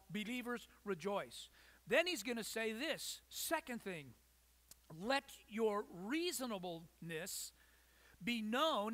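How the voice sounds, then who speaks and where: A male pastor delivers an emphatic sermon, pausing for effect and throwing rhetorical questions at his listeners. His voice sits high for a man. It is bright and ringing. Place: church.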